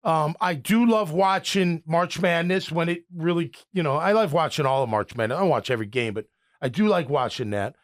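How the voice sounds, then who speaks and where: A man's voice: fairly high pitch, animated, brisk. A middle-aged American man hosting sports talk radio, rambling and opinionated with frequent restarts.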